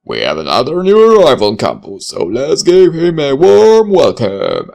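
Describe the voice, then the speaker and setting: A man reading a visual novel aloud and voicing a hearty man who leads the party toasts, loud and proclaiming. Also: fairly high pitch, huge pitch swings, normal speed, creaky, soft background music, pitched above the performer's own voice, full character voice. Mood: toasting. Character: hearty male party leader making a toast.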